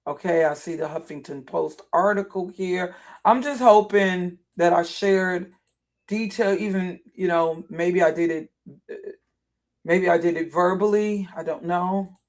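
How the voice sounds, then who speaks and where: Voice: medium pitch, unhurried. A live streamer talking casually while browsing, thinking aloud, often repeating and restarting phrases as frustration builds.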